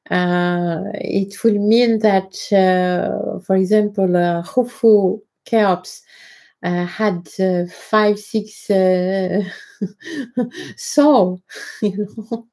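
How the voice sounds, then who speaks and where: A woman with a French accent hosting a live stream, talking in a halting way with many fillers and greeting viewers by name. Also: mid-range voice, creaky, mellow. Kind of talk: casual live-stream talk.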